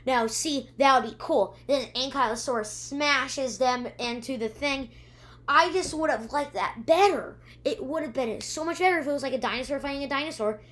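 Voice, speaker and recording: A woman's voice: high voice, moderate pace, a bit bright. A female reviewer recapping episodes in a rambling way, with many ums and restarts, acting out the characters' lines. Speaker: video reviewer.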